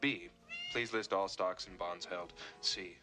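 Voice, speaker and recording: A man's voice: low voice, slow pace. A man in a spoof comedy film with an earnest, plaintive manner. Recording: film soundtrack with music.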